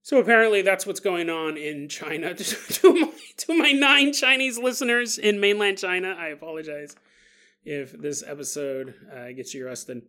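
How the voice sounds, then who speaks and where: A podcast host with a high-pitched, bright and forceful voice delivers a casual, joking monologue at a moderate pace. He laughs often and imitates the people he quotes in exaggerated voices.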